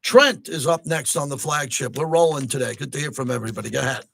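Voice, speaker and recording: A man's voice: mid-range voice, fast talker, vocal fry. A man hosting a sports talk radio show from a studio, talking at length and getting worked up at times. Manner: excitable, rising to near-shouting when riled. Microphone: close studio mic.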